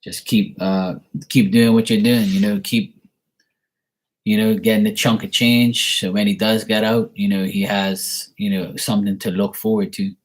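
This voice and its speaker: A man's voice: lowish voice, little pitch movement, moderate pace. A man doing a tarot reading and answering viewer questions in a rambling, casual chat full of "you know" fillers, blunt and sometimes swearing. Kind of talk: casual live-stream chat.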